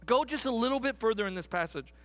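A man's voice: very high-pitched, expressive, fast talker, a bit bright, no echo, faint music behind. A man preaching a sermon in an earnest way, stretching words for emphasis.

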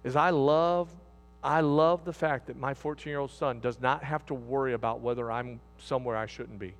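A middle-aged man preaching a sermon as pastor, folksy and repetitive, dropping to soft asides and rising to loud exhortation. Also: mid-range voice, steady tone, normal speed.

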